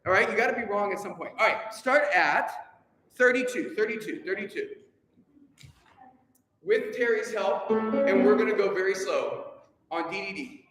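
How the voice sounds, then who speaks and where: A man's voice: sits high, moderate pace, a bit bright, soft background music. A man leading a choir rehearsal, upbeat and teasing as he coaches singers and counts them in. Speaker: choir director. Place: large rehearsal room. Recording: echoey rehearsal hall, long reverb.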